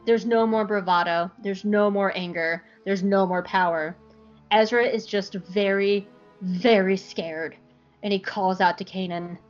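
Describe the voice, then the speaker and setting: A woman's voice: medium pitch, a little slow. Woman, podcast host, casual recap, irreverent, faint music, dull sound. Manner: animated, joking, irreverent.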